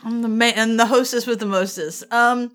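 Podcast co-host, woman, playful and self-deprecating, high bright voice. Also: fairly even intonation, normal speed. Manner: playful, laughs often, self-mocking. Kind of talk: casual podcast chat.

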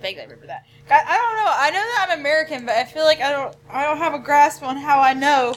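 Sex: female. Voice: high, lively. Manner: giggly, playful. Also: fast. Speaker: tabletop player. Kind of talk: casual chat.

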